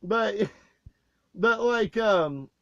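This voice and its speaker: A man co-hosting a casual podcast, telling profane backstage stories with loud, animated outbursts. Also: high-pitched, extremely slow, dry recording, dull audio. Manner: loud, swearing, animated retelling with raised outbursts.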